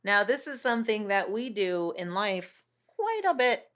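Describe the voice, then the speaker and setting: A woman co-hosting a movie podcast, talking in an animated way, swearing freely and quick to laugh. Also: mid-range voice. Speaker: podcast co-host. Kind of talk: casual chat.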